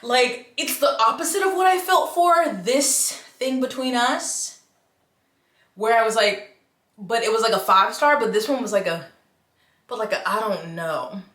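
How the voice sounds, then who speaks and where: A woman's voice: fairly high pitch, lively intonation, a little slow, fairly bright tone, reverberant. A woman chatting casually to camera about books, frank and given to exaggerated reactions, recorded in a room at home. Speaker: book reviewer.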